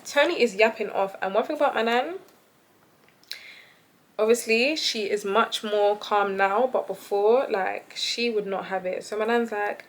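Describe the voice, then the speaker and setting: A young woman who tells a story in a casual, animated, chatty way and laughs often. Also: medium pitch, unhurried. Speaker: vlogger.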